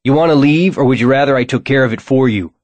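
Man playing a gruff, threatening mall guard, pushed-up pitch, barked lines, close dry audiobook sound. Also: fast talker, darkish tone, no room sound, dull audio, lightly acted. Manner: suspicious, threatening. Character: gruff squat middle-aged mall security guard.

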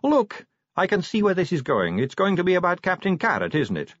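A man's voice: sits high, wildly swooping pitch, brisk, fairly bright tone, no room sound, pitched above the performer's own voice, full character voice. Man voicing a cheeky young vampire woman. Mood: teasing. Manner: chatty, breezy and teasing. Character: young female vampire constable, cheeky and teasing. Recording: dull lo-fi recording.

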